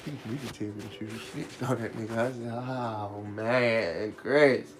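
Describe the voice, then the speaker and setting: A man hosting a live radio show, telling stories in a profane, animated way and laughing as he goes. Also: mid-range voice, quick pace, a little hiss or hum. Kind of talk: casual storytelling rant.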